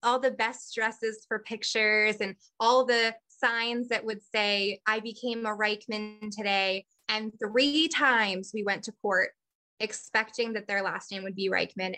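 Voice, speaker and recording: A woman's voice: medium pitch, fairly even intonation, slow pace, bright, forceful tone. A woman guest on a podcast telling a personal story openly. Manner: open, storytelling.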